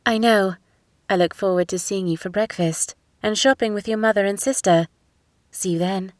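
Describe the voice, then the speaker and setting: A woman voicing a runaway young princess who speaks formally and gently. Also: mid-range voice, moderate pace, dry recording, clean studio sound, natural voice. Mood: gentle.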